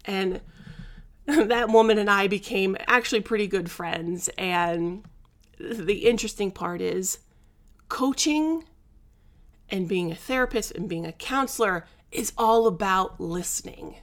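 A woman speaking to camera as a life coach, in an unhurried, drawn-out delivery. Her pitch sits in the middle range. She is blunt and emphatic, uses slang, and laughs between her points. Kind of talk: candid talking-head vlog.

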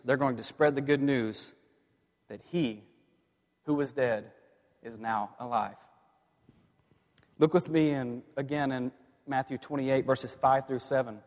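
A man preaching a sermon as a pastor, earnest, moving from hushed lines to emphatic ones. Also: medium pitch. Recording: long hall reverb.

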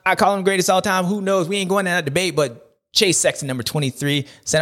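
Quick-paced and high-voiced, this man keeps a steady tone that's fairly bright. He runs a supercross recap show, where his animated casual commentary is loaded with playful slang and repeated catchphrases.

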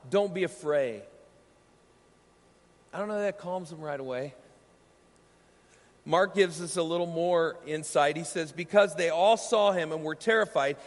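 In a notably high voice, a pastor teaches earnestly through his sermon, slowing down on the lines he wants to land. A long reverb tail follows his words, as though he were speaking in a large hall.

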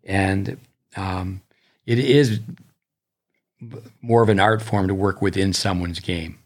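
A man with a very low voice chats casually on a podcast, a middle-aged tennis coach. He rambles through anecdotes and now and then speeds up. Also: steady tone, slow pace, a little mellow.

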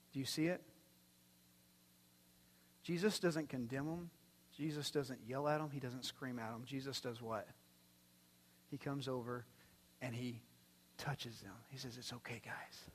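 A man preaching a sermon as pastor, animated and swinging from hushed to loud. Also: medium pitch, a little slow, pauses often. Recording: long reverb from a large hall.

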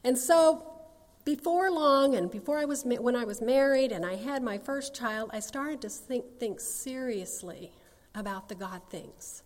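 A woman's voice: fairly high pitch, long reverb tail. A woman, sharing her personal testimony in a folksy, earnest storytelling manner. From North Carolina, USA. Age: 60s.

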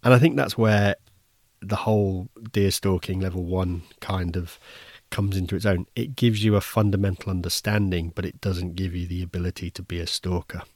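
This podcast host has a deep, slightly mellow voice, fairly even intonation, and a moderate pace, with no echo in the recording. He tells a casual first-person story in a wry, easygoing way and often restarts his sentences.

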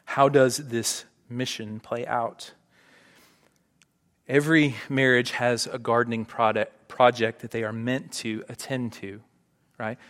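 A man's voice: mid-range voice, flat delivery, unhurried, a bit bright. A man preaching a sermon to a congregation, conversational and often checking in with "right?". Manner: conversational, frequent "right?" asides. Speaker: pastor. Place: church sanctuary. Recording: long hall reverb.

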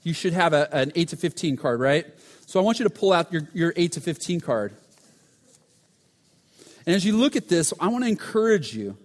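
A man preaching a sermon, telling a story with frequent restarts and sudden drops to a hush for the dramatic moments. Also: fairly high pitch. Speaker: pastor. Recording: long hall reverb.

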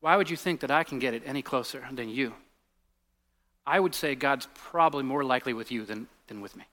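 A man in his forties giving a conversational sermon as a pastor, telling stories with lots of restarts and sinking to a hushed voice on serious points. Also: mid-range voice, a little fast. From United States. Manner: animated storytelling, drops to a hushed voice on serious points, many restarts.

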